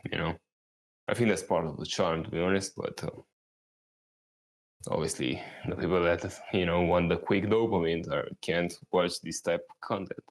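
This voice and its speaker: A man's voice: deep voice, fairly even intonation, normal speed. A young man rambling casually as a vlogger, laid-back and meandering, swearing now and then. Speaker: YouTuber. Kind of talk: rambling casual vlog talk.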